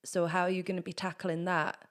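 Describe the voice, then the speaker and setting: A woman's voice: on the low side, flat delivery, brisk. A woman teaching singing, chatting through technique and breaking into sung exercises. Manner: chatty, explains then sings vocal exercises. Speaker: vocal coach. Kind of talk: singing lesson with demonstrations.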